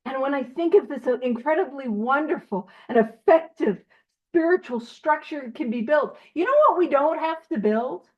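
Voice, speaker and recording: A woman leading a recovery study over a video call, animated and self-teasing, asking question after question. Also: high voice, moderate pace, highs cut off.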